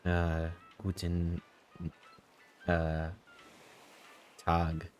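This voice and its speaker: Very low-voiced joking woman streamer. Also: monotone, extremely slow. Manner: joking, chatty, reacting to chat. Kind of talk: casual live-stream chat. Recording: game music playing behind.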